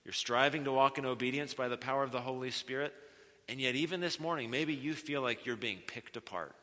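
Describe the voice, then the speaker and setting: A man with a mid-range, sharp-toned voice preaches a sermon as a guest speaker. He is earnest and emphatic, repeating key phrases and varying his pace, and the recording carries the long reverb of a large hall.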